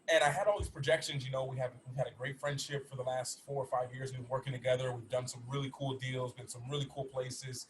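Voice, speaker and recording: A man's voice: medium pitch, slight background noise, poor audio. A man in his thirties speaking to an audience as a motivational speaker, telling a personal story earnestly, with frequent restarts. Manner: earnest, rapid, with many restarts. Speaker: motivational speaker and former athlete. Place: in Bali.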